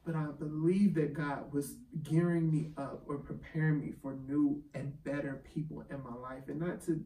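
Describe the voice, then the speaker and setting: Gravelly man speaking heartfelt in an echoey room. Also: medium pitch, mellow. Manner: heartfelt, emotional. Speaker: podcast co-host. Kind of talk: casual chat. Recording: echoey room, mic at a distance, faint ambient noise.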